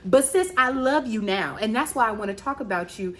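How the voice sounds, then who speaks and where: Woman host, 30s, from Virginia, animated and chatty, slightly high voice. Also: a little fast. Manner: animated, chatty storytelling with slang. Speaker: podcast host. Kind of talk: casual chat.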